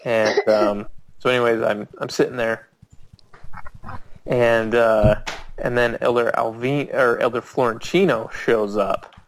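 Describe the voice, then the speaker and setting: Speaking to a small audience over background noise, a storyteller shares a casual anecdote at an unhurried pace. His intonation stays fairly even, but the rambling tale is full of restarts, and his voice jumps high whenever he quotes someone.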